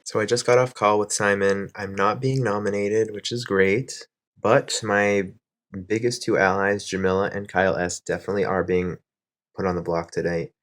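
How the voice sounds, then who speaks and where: A man in a game confessional, talking through his choices in a calm, reflective way. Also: on the low side, moderate pace. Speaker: online reality game player.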